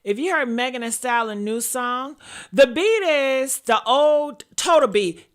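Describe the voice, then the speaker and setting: A woman's voice: high-pitched, expressive, measured pace. A woman hosting a casual gossip commentary show, loose and blunt, often laughing at herself.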